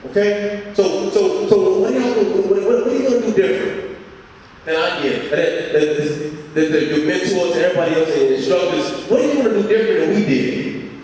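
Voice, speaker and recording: A man's voice: sits high, a little fast, darkish tone, slight background noise. A young man giving a repetitive, exhorting motivational speech to students. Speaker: student speaker. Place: large hall. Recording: echoey hall from far off.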